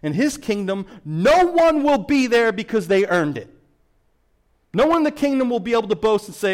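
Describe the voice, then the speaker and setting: A male pastor preaching with a slightly high, very animated voice. He jumps from loud emphatic bursts to quiet, hushed asides. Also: moderate pace. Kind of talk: sermon.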